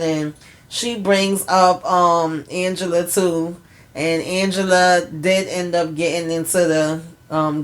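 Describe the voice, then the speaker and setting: A woman casually recapping a TV episode for her viewers, animated and chatty, acting out characters' lines. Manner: animated storytelling, acts out characters' lines with pitch jumps; chatty, addresses viewers as y'all. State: tired. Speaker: TV recap host.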